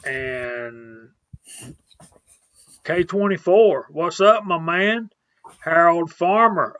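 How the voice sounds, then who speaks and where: A man's voice: a little high, sharp tone, no echo. A man hosting a casual live stream, laid-back, reading out viewers' names one after another.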